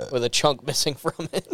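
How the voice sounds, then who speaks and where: A man's voice: mid-range voice, gravelly, a bit bright, dry recording. A young man co-hosting a podcast in casual chat, dry and sarcastic with casual swearing. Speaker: podcast co-host.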